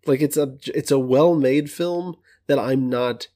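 A man giving his take on a film on a podcast, weighing his words with small restarts. His voice is at an ordinary middle pitch, and his delivery is casual and reflective. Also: unhurried, mellow. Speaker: podcast co-host.

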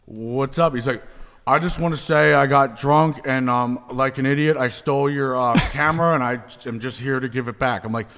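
A man's voice: mid-range voice, moderate pace. A man telling wild stories in a casual chat, laughing and acting out the people he quotes. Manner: laughing, animated, acts out quoted voices. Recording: hall reverb.

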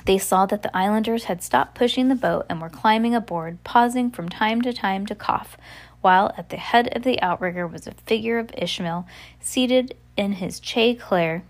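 A woman reads a novel aloud at a mid-range pitch for a woman. Her delivery is unpolished and homemade, and she now and then stops to fix a slip before carrying on. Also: normal speed. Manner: unpolished, stops to correct her own slips. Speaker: audiobook reader.

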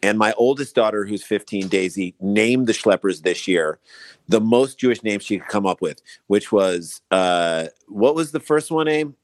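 A man's voice: fairly low pitch, animated. A man co-hosting a comedy podcast, telling funny stories in casual banter. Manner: joking, quick storytelling with asides. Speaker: podcast co-host.

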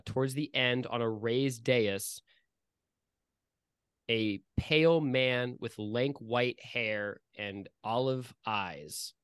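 A man's voice: medium pitch, smooth, no echo, clean studio sound. A man running a tabletop game as game master, setting scenes vividly and playfully, with frequent fillers.

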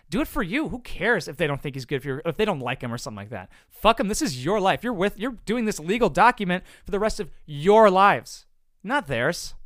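A man's voice: high voice, fairly bright tone, dry recording. A man giving casual advice to viewers in a blunt, profane, rambling way. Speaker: content creator answering viewer questions.

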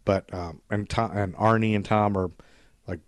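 A low-pitched man rambles through a story on a podcast, casual and loose, jumping into character voices for quotes. His voice is recorded dry and close, with no room sound. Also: fairly even intonation, normal speed, dry recording. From Scottish descent, grew up in America. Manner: rambling, acts out quotes in shifting voices, swears freely. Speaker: podcast host.

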